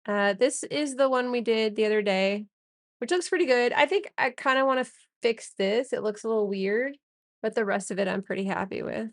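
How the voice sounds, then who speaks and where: A woman's voice: on the high side, moderate pace, no echo, studio quality. A woman streaming while she draws, chatting casually and joking with her chat as she thanks viewers. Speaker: streamer and artist.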